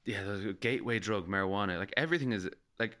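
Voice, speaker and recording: A man's voice: fairly low pitch, quick pace, pushed and bright. A man co-hosting a podcast, telling stories in easygoing casual chat. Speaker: podcast co-host.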